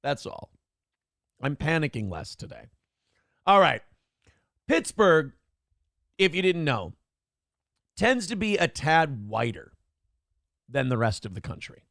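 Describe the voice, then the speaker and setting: A man's voice: fairly high pitch, big pitch swings, takes it slowly, vocal fry, long pauses, a bit bright, no echo, studio quality. A male morning show host giving sarcastic, crude commentary and reading viewer chat aloud. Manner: crude, sarcastic, swears freely. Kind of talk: casual live-stream commentary.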